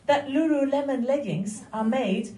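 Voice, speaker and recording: A woman's voice: high voice, measured pace, mellow. A woman in her forties performing a stand-up comedy set, with wry, mock-innocent rhetorical asides and audience laughter behind her. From France. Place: comedy club stage. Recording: echoey room, mic at a distance.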